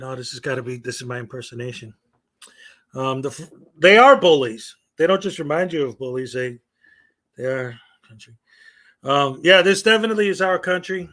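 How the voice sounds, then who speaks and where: A man's voice: on the high side, sharp tone. A man hosting a casual livestream, talking to chat with sarcastic, joking asides. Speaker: channel host.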